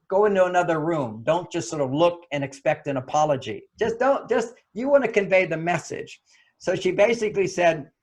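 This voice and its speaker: A man, a relationship author, giving anecdotal advice as a guest and acting out quoted lines as he goes. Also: high voice. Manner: animated, acts out quoted lines.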